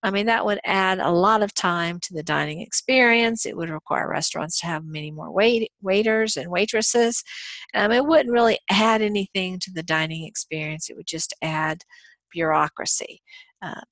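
A woman's voice: fairly low pitch, moderate pace, fairly bright tone, no room sound. A woman lecturing a college law class in a conversational way, with frequent ums and uhs. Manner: conversational, many ums and uhs, acts out quoted dialogue. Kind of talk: recorded lecture.

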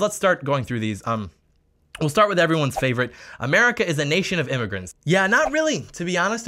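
Male commentary host, quick and bright-toned, sarcastic and combative. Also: medium pitch. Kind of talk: scripted political commentary.

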